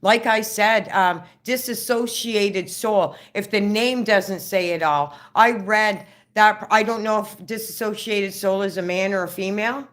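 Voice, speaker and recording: A woman's voice: mid-range voice, measured pace, hardly any pauses, a bit bright. Rambling, stammering woman live-streaming. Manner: rambling, stammering, emotional, frequent restarts. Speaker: livestreamer reading viewer comments. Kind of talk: casual live-stream chat.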